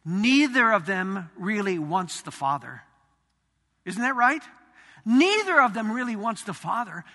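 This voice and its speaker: A man pastor preaching a sermon in a church sanctuary, dramatic, swinging from loud emphasis to hushed asides. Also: high voice, very animated, measured pace. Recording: reverberant sanctuary.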